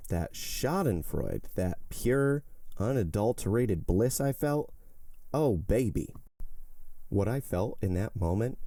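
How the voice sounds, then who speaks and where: A man who hosts a podcast and works as a teacher, chatting with wry, animated storytelling and then reading a novel aloud. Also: deep voice, dry recording. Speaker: podcast host and reader.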